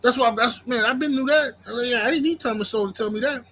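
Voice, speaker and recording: Bright-voiced man ranting on a livestream. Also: extremely high pitch, quick pace, rough recording. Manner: ranting, repeats himself, reads chat aloud. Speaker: YouTube livestream host. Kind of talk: casual livestream rant.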